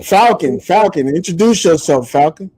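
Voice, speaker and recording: A man's voice: on the high side, animated, moderate pace, a little mellow, slightly rough, no room sound, rough recording. A man hosting a casual online call-in chat, laughing and playfully stirring the callers. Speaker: stream host.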